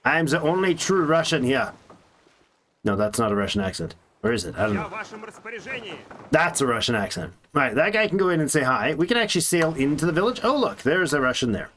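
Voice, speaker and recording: A man's voice: mid-range voice, big pitch swings, quick pace, fairly bright tone. A man casually commenting on his strategy game as he plays, chatty and thinking aloud with little jokes to himself. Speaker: let's play streamer.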